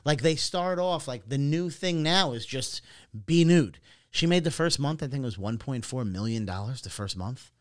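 A man chatting casually as a podcast co-host, with a middle-pitched voice. He tells his stories haltingly, with lots of fillers and false starts. His voice is recorded close and dry, without room sound. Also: expressive, dry recording. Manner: hesitant storytelling full of fillers and restarts. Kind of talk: casual chat.

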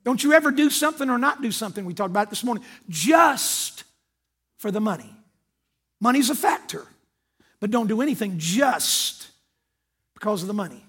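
A man's voice: high-pitched, animated, brisk, pauses often, fairly bright tone, slightly rough. An older man preaching a sermon, emphatic and calling out to his congregation, mixing scripture reading with personal stories. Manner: storytelling with quoted dialogue. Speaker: pastor.

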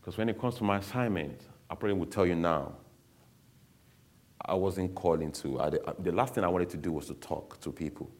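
Deep husky guy sharing his testimony, blunt and open, gets emotional. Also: a little fast, a little mellow. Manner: candid and blunt, emotional storytelling. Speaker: speaker giving a testimony. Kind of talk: personal testimony to an audience.

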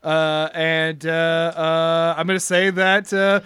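Bright-voiced game master, halting and giggly. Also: medium pitch, completely flat delivery, clear, resonant tone, no room sound. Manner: hesitant, many fillers, laughs often. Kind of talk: running a tabletop game, casual chat.

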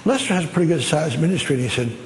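Man, fairly high-pitched, preaching a story in a hall with long reverb; he animates every quote. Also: very fast. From Tennessee, US. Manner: lively, acts out dialogue with jumping pitch. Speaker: preacher telling a testimony. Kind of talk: sermon storytelling. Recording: echoey hall with long reverb, faint noise.

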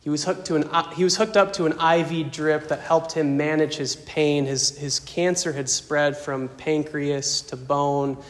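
A male pastor gives a farewell sermon in a fairly high voice. He speaks softly and emotionally, pausing often. The long reverb of a church sanctuary hangs on his words. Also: fairly even intonation. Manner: emotional, soft-spoken, slow pauses.

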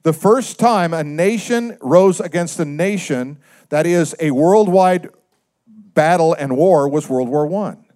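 A man delivering a sermon in a slightly higher-than-usual voice. He talks conversationally, often asking his listeners questions. His delivery swings between loud, emphatic lines and low, quiet asides. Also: slow pace. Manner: conversational, asks the congregation questions. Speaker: pastor.

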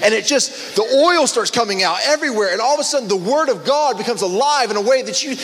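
High-voiced man preaching casually. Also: fast, few pauses, big-room sound. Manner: conversational, animated, many restarts and fillers. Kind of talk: casual sermon.

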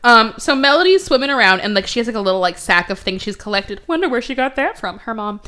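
A young woman hosting a podcast in casual chat, sarcastic, often slipping into quick mocking voices for characters. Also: on the high side, sing-song, bright, forceful tone. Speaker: podcast host.

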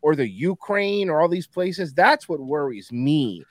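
A man co-hosting a podcast, blunt and jokey, with a lot of casual swearing. His voice sits a little higher than most men's. It is recorded close and dry. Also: sing-song, unhurried, no echo. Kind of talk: casual chat.

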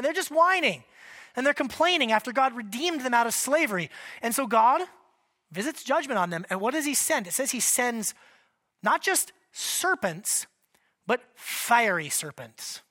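A man's voice: very high-pitched, very animated, normal speed, sharp tone. A man preaching a sermon as pastor, talking conversationally and checking in with the congregation. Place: church in Washington state.

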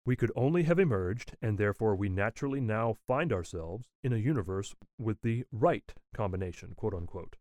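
A man reading a written nonfiction text aloud in a measured, deliberate way, speaking the citations and quote marks as he goes. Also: fairly low pitch, expressive, a little mellow, dry recording.

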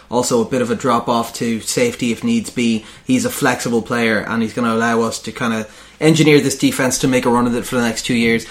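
Man, podcast host, laid-back, jokey, casual swearing, mid-pitched voice. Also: fairly bright tone. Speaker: podcast host running a mock draft. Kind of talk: casual joking chat.

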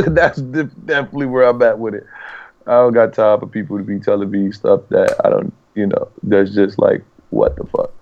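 Excitable young man, slightly muffled audio. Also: lowish voice, moderate pace, vocal fry. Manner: excitable, profane, stumbles while searching for words. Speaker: podcast co-host. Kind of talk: casual chat. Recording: slightly dull lo-fi sound.

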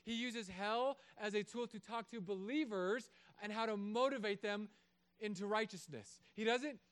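A pastor in his thirties preaches with a high, smooth, resonant voice. He jokes and acts out little voices as he goes. The sermon is given in a church. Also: normal speed. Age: 30s. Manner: animated, joking, acts out voices.

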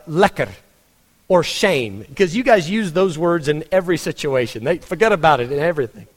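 A man's voice: high voice, long reverb tail. A man with a Texan accent preaching a sermon as a pastor, conversational, with frequent restarts and rhetorical questions. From Texas.

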